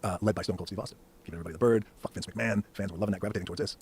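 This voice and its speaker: Middle-aged guy rattling off a story super fast on a podcast, cussing a lot, noisy background. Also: low-pitched, steady tone. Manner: fast, emphatic, profane storytelling with frequent restarts. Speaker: podcast guest. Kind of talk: animated storytelling in a podcast interview.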